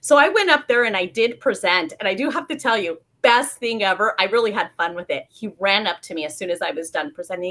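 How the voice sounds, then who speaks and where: A woman's voice: medium pitch, brisk, few pauses. A woman on a panel telling an anecdote, acting out the people she quotes. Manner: animated storyteller acting out quoted voices. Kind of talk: casual panel chat.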